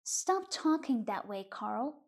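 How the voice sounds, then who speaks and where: A woman's voice: fairly high pitch, very animated, takes it slowly, vocal fry, slightly rough, exaggerated voice. A woman voicing Mrs Garner, a stern but kindly farm mother, in an audiobook reading. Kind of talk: audiobook reading of a short story.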